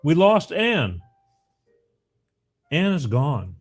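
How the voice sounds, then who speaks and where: A middle-aged man hosts a casual call-in show and rambles in a loose, chatty way. His voice sits in an ordinary middle pitch. Faint music plays softly underneath. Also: animated, moderate pace, pauses often. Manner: rambling, chatty, laughs often, repeats phone number. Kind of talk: casual call-in radio chat.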